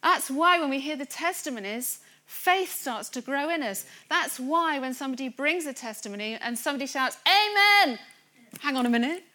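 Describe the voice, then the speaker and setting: A woman preaching a sermon to a church congregation, earnest and building to excited emphasis. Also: sits high, normal speed, few pauses. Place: church gathering room.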